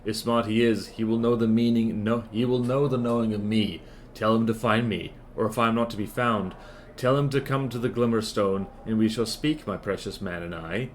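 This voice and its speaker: A man's voice: on the low side, fairly even intonation, normal speed, slight background noise, close to an everyday voice. A man voicing an ancient, cryptic hag in a put-on Scottish accent, speaking in riddles with twisted word order. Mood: cryptic, coaxing. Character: ancient cackling hag crone, cryptic and possessive.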